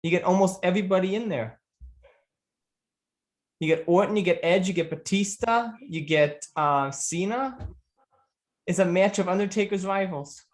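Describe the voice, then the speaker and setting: A woman's voice: lowish voice, normal speed, pauses often. A woman hosting a podcast, chiming in with short, agreeing remarks. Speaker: podcast host. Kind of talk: casual podcast chat.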